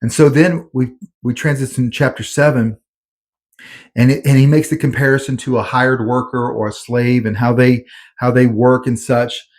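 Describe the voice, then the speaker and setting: A man's voice: mid-range voice, steady tone, moderate pace, a little mellow. Earnest man explaining scripture casually. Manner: informal, earnest, many fillers and restarts. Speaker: Bible commentator. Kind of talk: conversational Bible commentary.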